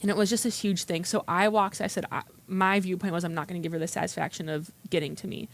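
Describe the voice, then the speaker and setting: A woman's voice: fairly low pitch, steady tone, fast talker. Woman, workshop participant, earnest storyteller, mid-range voice, plain room. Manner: earnest, recounts dialogue in quotes. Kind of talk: telling a personal story. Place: meeting room.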